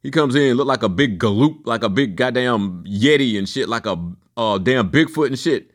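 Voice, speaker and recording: A man in his fifties delivering a loose, profane, rambling solo rant, his pitch swinging up and down as he goes. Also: animated, normal speed. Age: 50s. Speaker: vlogger.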